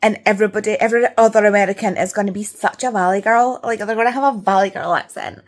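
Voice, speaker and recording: Speaking fast with hardly a pause, a young Scottish woman with a medium-pitched voice chats through her home reading vlog. As a book vlogger she rants readily and swears without hesitation.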